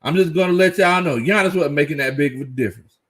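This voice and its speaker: A man hosting a casual live fan reaction stream, excited, laughing often and reading out chat comments. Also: fairly high pitch, fast. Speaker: sports fan livestream host.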